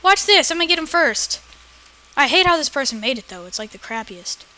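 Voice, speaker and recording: A woman giving excitable let's play commentary, often yelling at the game. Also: high-pitched, brisk. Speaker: gamer. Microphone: personal computer mic.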